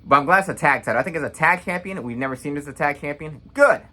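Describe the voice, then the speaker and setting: A man's voice: fairly high pitch, expressive, pushed and bright. A young man giving a casual, opinionated recap as a vlogger, blunt and rambling. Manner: blunt, rambling, quick to judge. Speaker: wrestling reaction vlogger.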